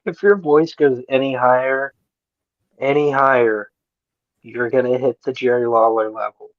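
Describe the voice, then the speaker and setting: A man's voice: mid-range voice, fairly even intonation, unhurried, dry recording, muffled recording. A man co-hosting a podcast who jumps in with jokes and swearing during casual banter. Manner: joking, interjecting, swearing. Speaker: podcast co-host.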